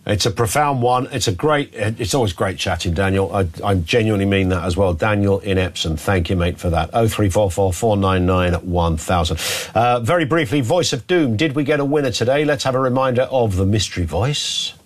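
Chatty talk radio host. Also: male voice, fairly low pitch, expressive. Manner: chatty, jokey, quick asides. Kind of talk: casual talk radio chat.

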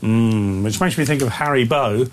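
A man co-hosting a radio talk show, jokey and quick to laugh. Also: medium pitch, a little hiss or hum. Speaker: radio co-host. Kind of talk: casual radio chat.

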